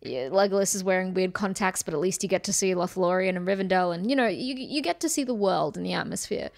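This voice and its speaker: A woman's voice: lowish voice, fast, vocal fry, no echo, studio quality. A woman with an Australian accent co-hosting a podcast, chatting candidly about a film, swearing freely. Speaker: podcast co-host. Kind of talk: casual chat.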